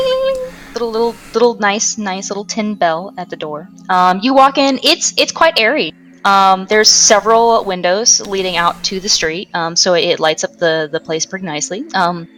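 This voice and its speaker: A woman's voice: mid-range voice, a bit bright. Chatty woman narrating as game master. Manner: chatty, many ums and restarts.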